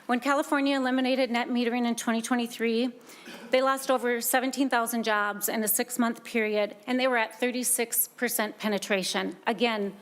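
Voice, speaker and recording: A woman's voice: a little high, steady tone, a little fast. A woman from Minnesota, a small business owner, giving earnest, emphatic testimony before a legislative committee and repeating her key points. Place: legislative hearing room.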